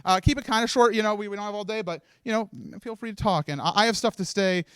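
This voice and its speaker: Nervous rambling man, high voice. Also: fast talker, fairly bright tone, clean tone, no room sound. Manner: nervous, rambling, laughs often. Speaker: host handing out awards. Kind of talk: emotional live event speech. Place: live stream event room.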